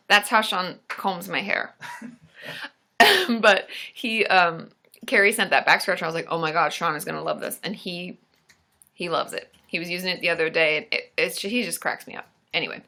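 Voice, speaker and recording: A woman's voice: on the low side, normal speed, bright, forceful tone. A woman therapist hosting a live stream, giving supportive advice in a chatty, casual way and joking with her partner. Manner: chatty, supportive, casual filler-heavy talk; laughs and jokes with her partner. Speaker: licensed therapist and channel host.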